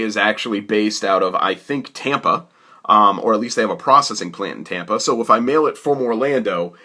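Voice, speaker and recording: Male storyteller, animated and exasperated, bright lively delivery, rambling comic anecdote. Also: medium pitch.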